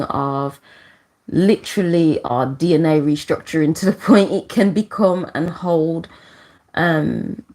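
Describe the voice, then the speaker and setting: A woman's voice: deep voice, darkish tone. A woman hosting a casual live astrology talk, rambling with many fillers and restarts, emotional and close to tears, laughing between points. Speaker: astrology channel host. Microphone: camera.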